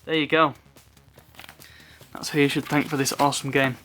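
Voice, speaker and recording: A man's voice: medium pitch, level tone, moderate pace, fairly bright tone, soft background music. Chatty man, rambling unboxing. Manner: rambling, chuckling asides. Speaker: unboxing video host. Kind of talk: casual unboxing chat.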